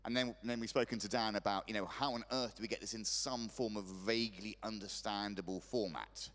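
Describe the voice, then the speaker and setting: A man's voice: lowish voice, fairly even intonation, a little fast, fairly bright tone, slight background noise. A man moderating a conference panel, rambling through joking asides between questions. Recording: reverberant conference hall.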